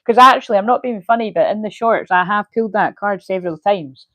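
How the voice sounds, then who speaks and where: A woman's voice: medium pitch, brisk, fairly bright tone, no echo, muffled recording. A woman giving a casual livestream tarot reading, chatty, swearing freely and laughing often. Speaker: tarot reader.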